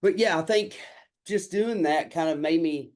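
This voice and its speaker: A man's voice: a little high, moderate pace. Salty man telling stories. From Kentucky. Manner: candid, salty storyteller who acts out quoted exchanges. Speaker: country singer and songwriter guest. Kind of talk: casual storytelling interview.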